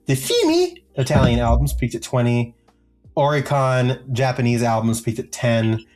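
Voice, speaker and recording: A man's voice: medium pitch, very animated, moderate pace, darkish tone. A podcast co-host talks through a long list of chart positions in an easygoing, rambling way. He fills gaps with ums and throws in silly jokes between entries. Faint music sits under the voice. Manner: jokey, rambling, many filler ums. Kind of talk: casual chat, reading out chart positions.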